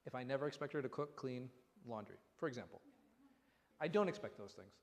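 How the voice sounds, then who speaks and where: A man, an imam, giving a conversational religious lesson, animated and full of rhetorical questions. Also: medium pitch, a little fast. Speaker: imam teaching a class. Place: mosque hall. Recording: long reverb in a hall.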